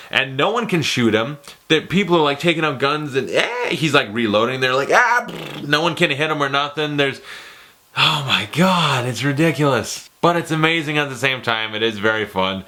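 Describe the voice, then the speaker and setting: Animated young man ranking movies. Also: mid-range voice. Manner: animated, profane, jumps into impressions. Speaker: movie reviewer. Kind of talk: casual ranking-video commentary.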